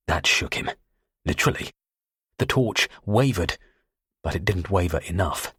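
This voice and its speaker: A man reads a first-person thriller audiobook in a very deep, husky voice, tense and measured. The sound is dry and close, with no room around it. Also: lively intonation, a bit bright, no room sound. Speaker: audiobook narrator.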